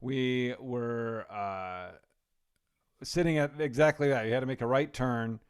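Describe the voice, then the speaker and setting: A man in casual podcast chat with an ordinary mid-range voice. He tells stories in an animated, exasperated way and swears freely. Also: medium pitch, measured pace, clean tone. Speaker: podcast co-host.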